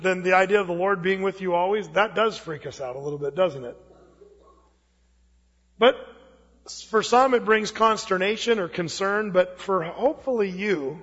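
Male pastor, high voice, casual sermon delivery, long hall reverb on a muffled recording. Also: a bit bright, slightly rough. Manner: conversational preaching with folksy asides.

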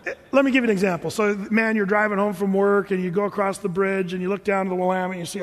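A man's voice: high voice, fairly even intonation, quick pace, in a large hall. A man preaching a sermon, telling the story with humor and acting out the characters. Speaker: pastor.

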